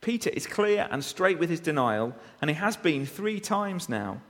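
Man preaching with lively pitch, in a hall. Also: moderate pace. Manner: expository preaching, rhetorical tag questions. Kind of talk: sermon. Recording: long reverb of a hall.

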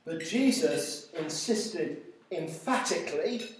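Slow man preaching in an echoey hall. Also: fairly high pitch, lively intonation, a little mellow. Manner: slow, deliberate, reading scripture aloud. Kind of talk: informal sermon at a church evening meal. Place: large echoey church hall. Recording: very echoey hall, voice from far off, faint noise.

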